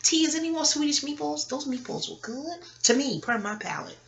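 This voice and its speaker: A woman's voice: high voice, brisk, muffled recording. A woman vlogger talking in a blunt, rambling casual monologue, swearing often and drifting into chatty asides.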